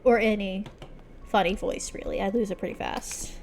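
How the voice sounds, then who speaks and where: A woman's voice: medium pitch, fairly even intonation, normal speed, a little mellow, a little hiss or hum. A young woman streamer chatting casually and self-deprecatingly while playing, muttering at the game.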